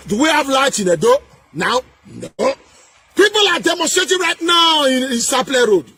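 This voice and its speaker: A man with a Nigerian accent delivering a heated political rant, emphatic and repetitive, with sing-song rises and shouted bursts. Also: extremely high pitch, big pitch swings, moderate pace, slightly rough. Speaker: political commentator.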